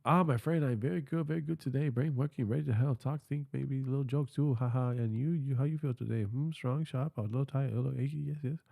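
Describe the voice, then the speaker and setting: A man's voice: medium pitch, quick pace, gravelly, hardly any pauses, mellow, no room sound. A text-to-speech male voice playing a chirpy AI helper who speaks in clipped, sing-song broken English.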